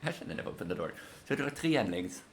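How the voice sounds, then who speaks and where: A man's voice: lowish voice, sing-song, quick pace, a little hiss or hum. A man playing a horror game, nervously muttering about jump scares while he commentates. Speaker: gamer.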